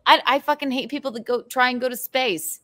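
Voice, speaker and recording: A woman's voice: high voice, a little fast, a bit bright. A woman on a podcast panel in casual chat, sarcastic and profane with mock outrage.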